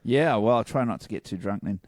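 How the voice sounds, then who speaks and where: A man, co-hosting a podcast in casual chat, animated and quick to laugh. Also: lowish voice, no room sound. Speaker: podcast co-host.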